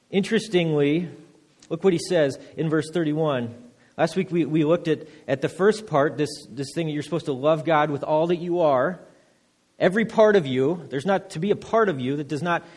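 A man pastor giving a sermon, reading scripture slowly and then preaching with rising emphasis and repeated words. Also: fairly high pitch, a little mellow. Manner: repeats words when restarting phrases. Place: church.

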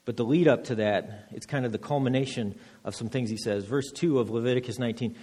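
A man pastor giving a sermon, reading scripture slowly and then preaching with rising emphasis and repeated words. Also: mid-range voice, a little mellow, slightly rough. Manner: repeats words when restarting phrases. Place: church.

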